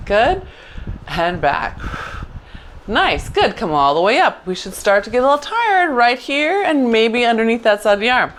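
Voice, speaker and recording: A woman's voice: a little high, sing-song, normal speed, a little hiss or hum. Upbeat woman cueing a Pilates class. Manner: encouraging, upbeat cues with frequent "good". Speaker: Pilates instructor. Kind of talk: live online class instruction.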